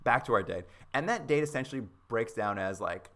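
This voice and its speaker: A man's voice: mid-range voice, fairly quick. A man co-hosting a podcast, casually recapping a TV episode with sarcastic asides and acted-out quotes. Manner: animated, sarcastic, acts out quotes. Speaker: podcast co-host.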